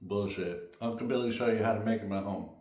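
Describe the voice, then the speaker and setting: A man hosting a home cooking video, talking straight to viewers in an excitable, folksy way during a taste test. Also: on the low side, quick pace, background noise. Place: home kitchen. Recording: echoey kitchen with faint clatter.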